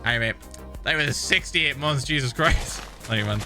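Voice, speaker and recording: A man's voice: mid-range voice, normal speed. A British man streaming a game, humming little tunes while he plays and swearing freely as he chats. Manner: hums and scats while playing, swears freely. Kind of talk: casual gaming stream chat. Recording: background music under voice. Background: game music.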